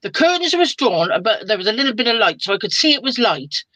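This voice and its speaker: An older woman, a spiritual medium telling a story in a chatty, lively way over a video call. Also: fairly high pitch, fast, no echo. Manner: chatty and lively, with colloquial exclamations. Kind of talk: casual storytelling on a live video chat.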